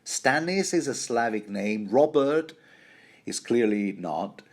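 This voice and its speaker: A man's voice: medium pitch, animated, takes it slowly, a little hiss or hum. A man hosting a rambling, jokey book commentary, often stumbling and restarting mid-sentence.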